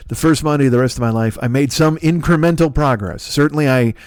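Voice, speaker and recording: A man in his fifties hosts a rambling comedy monologue at a rapid clip, full of swearing. His voice jumps high for jokes and drops low for asides. The sound is close and dry, with no room in it. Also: a little mellow, clean tone, no room sound. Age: 50s. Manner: profane, riffing, jumps between wild pitch swings for bits. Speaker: podcast host.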